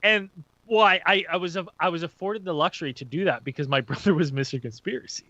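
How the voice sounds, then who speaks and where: A man telling a story in a lively, profane way, laughing as he talks, on dull lo-fi audio. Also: a little high, quick pace, no echo. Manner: animated, profane, laughs while talking. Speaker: podcast co-host. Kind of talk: casual storytelling.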